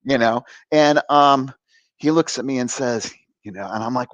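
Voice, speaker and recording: A man in his fifties, a guest author and coach, telling a personal story with lively acted-out voices and sound effects. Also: mid-range voice, moderate pace, dry recording, muffled recording. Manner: animated, acts out voices with bursts of sound effects; frequent fillers and restarts, laughs while telling.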